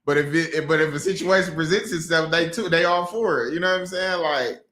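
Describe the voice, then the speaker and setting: A man's voice: fairly high pitch, fairly quick, crowd noise. A man in a casual podcast chat, hesitant and laughing as he talks. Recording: echoey room.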